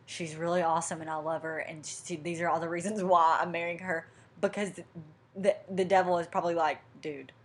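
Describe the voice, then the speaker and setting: A woman's voice: lowish voice, brisk. A young woman co-hosting a podcast, telling a story in casual chat and acting out what people said. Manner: animated storyteller, acting out quotes. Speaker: podcast co-host.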